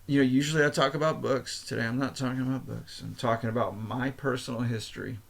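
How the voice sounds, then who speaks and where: A man's voice: mid-range voice, steady tone, quick pace, gravelly. A man hosting a podcast, talking alone in a loose, unscripted way, rambling, swearing and laughing at himself. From United States. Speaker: podcast host. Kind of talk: unscripted casual monologue.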